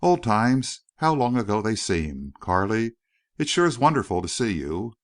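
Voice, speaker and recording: Storybook earnest young rancher, read by a man, a bit higher than the narration, animated. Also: moderate pace, no room sound, clean studio sound. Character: big warm-hearted young rancher, earnest.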